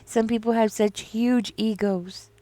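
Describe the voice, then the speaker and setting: A woman's voice: a little high, fairly even intonation, unhurried, mellow, no room sound. A woman giving a casual tarot reading, rambling and confiding, with lots of "you know" and "like" as she talks straight to the listener. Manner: confiding, addresses the listener directly. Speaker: tarot reader.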